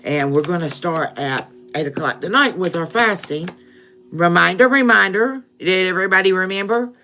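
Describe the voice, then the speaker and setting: A woman's voice: on the low side, fairly quick, sharp tone, a little hiss or hum. A woman giving a live-stream tarot reading, addressing her viewers as "collective" and checking in with "okay?" often. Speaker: tarot reader.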